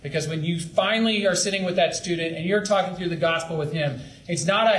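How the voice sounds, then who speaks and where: Young male youth leader, earnest and pleading, high voice, roomy echo. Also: fast, few pauses, fairly bright tone. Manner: earnest, pleading, with acted-out asides. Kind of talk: training talk to camp leaders. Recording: echoey room with faint background noise.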